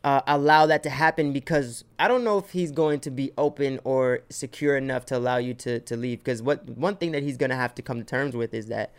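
A man's voice: mid-range voice, clear, resonant tone. A man hosting a podcast, joking and laughing in casual chat and giving a caller advice. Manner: joking, laughs often, talks fast at times. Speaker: podcast host.

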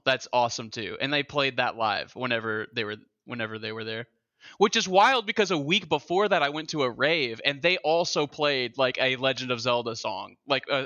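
A man's voice: medium pitch, bright, forceful tone, dry recording. A young man co-hosting a podcast in casual chat, talkative and swearing freely as he rambles through stories. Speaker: podcast co-host. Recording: dry, slightly dull lo-fi sound.

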